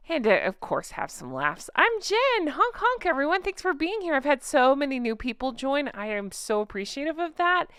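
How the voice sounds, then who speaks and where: Woman host, chatty and sarcastic, clear smooth voice, dry close sound. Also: a little high, fairly bright tone, no room sound. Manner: chatty and sarcastic, laughs often. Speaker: channel host reacting to online comments. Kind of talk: casual chat, reading and reacting to comments.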